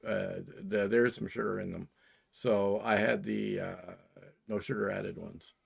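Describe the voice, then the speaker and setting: Gravelly man, halting and hesitant. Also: lowish voice, steady tone. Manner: hesitant, halting, many fillers and restarts. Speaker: co-host. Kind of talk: casual livestream chat.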